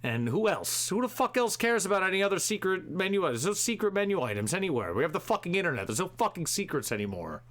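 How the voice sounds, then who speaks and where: A man hosts a live show and rants with constant profanity. His voice sits slightly high with a bright, forceful edge. He lurches from loud outbursts to low mutters. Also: very animated, fast talker, few pauses. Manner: swearing constantly, swinging from shouting to muttering. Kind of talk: profane comedic rant.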